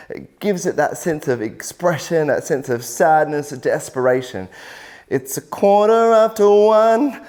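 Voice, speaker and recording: A male vocal coach talks through singing techniques in a friendly, encouraging tone. His pitch sits in the middle range. He explains each point clearly, one step at a time. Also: darkish tone. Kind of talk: video workshop instruction.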